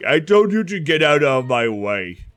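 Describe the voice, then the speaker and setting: Man doing a big pushy ogre lady, loud threats, dry sound. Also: low voice, big pitch swings, measured pace, no room sound. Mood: annoyed. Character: large angry female ogre, bossy.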